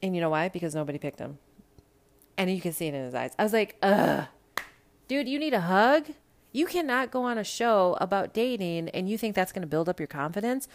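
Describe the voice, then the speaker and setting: Profane, animated woman podcast host. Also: mid-range voice, a little fast. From American Midwest. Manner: profane, animated, swings to loud rants. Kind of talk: casual pop-culture chat.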